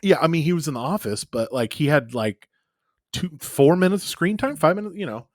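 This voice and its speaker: A man's voice: on the high side, expressive, brisk, darkish tone, dry recording, clean studio sound. A man co-hosting a podcast, chatting enthusiastically about movies, swearing and gushing. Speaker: podcast co-host. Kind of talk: casual chat.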